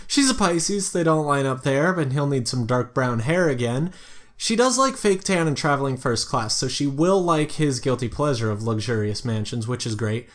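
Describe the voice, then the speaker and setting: A man's voice: medium pitch, lively intonation, normal speed. A tired man giving casual, rambling gameplay commentary late at night, thinking aloud with jokey asides. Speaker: let's play host.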